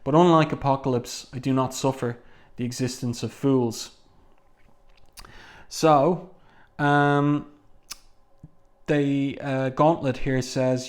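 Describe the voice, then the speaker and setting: A man's voice: medium pitch, steady tone, takes it slowly, long pauses. Chatty man reviewing comics. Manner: chatty, stops to read panel dialogue aloud. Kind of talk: casual comic book review.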